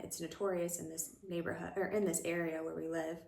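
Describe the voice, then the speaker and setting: A woman's voice: lowish voice, little pitch movement, fast talker, vocal fry, few pauses, a little mellow, reverberant. A young woman chatting casually in a rambling, filler-heavy vlog at home, a little out of breath. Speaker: vlogger. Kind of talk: casual pregnancy vlog chat. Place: room at home.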